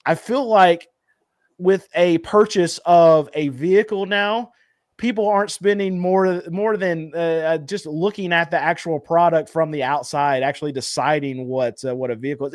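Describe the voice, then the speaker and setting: A man's voice: on the high side, no room sound, studio quality. A man co-hosting a casual talk, chatty and self-deprecating, with some hesitant fillers. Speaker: co-host. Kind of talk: casual podcast chat.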